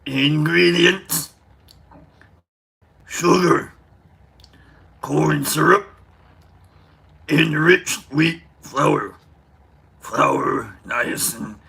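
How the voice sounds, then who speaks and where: A man putting on a gravelly mock samurai. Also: on the high side, extremely slow, pauses often, sharp tone, exaggerated voice. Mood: solemn. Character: gruff low-voiced mock samurai man, rambling. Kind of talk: comic impression.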